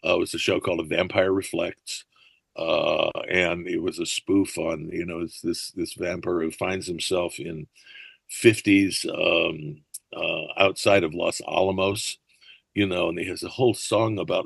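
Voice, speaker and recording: A man's voice: low voice, a little slow, gravelly, no room sound. An older man, a podcast guest, telling rambling anecdotes with plenty of fillers and restarts. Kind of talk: anecdotal interview chat.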